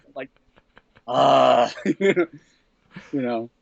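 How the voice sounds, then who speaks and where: A man being interviewed as a comedy writer, telling a story in a loose, chatty way. He acts out the quoted exchanges in a higher voice and laughs often. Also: brisk, dry recording. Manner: laughs often, repeats "what the hell". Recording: dull, slightly lo-fi sound.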